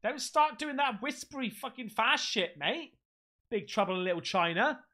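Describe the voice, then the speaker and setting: A man's voice: very high voice, animated, moderate pace, pushed and bright. A man on a ghost hunt in an old building, swearing and exclaiming in casual chat. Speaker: ghost hunter. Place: old empty building indoors.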